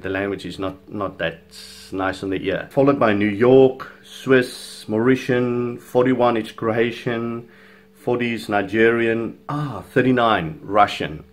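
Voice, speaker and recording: A South African man whose first language is Afrikaans, giving chatty, opinionated video commentary with frequent chuckles. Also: fairly low pitch. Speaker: fitness vlogger.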